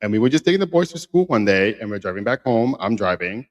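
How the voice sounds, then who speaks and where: Low-voiced man telling a personal story. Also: quick pace. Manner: animated, emphatic, repeats phrases for effect. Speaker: podcast co-host. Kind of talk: casual conversational storytelling.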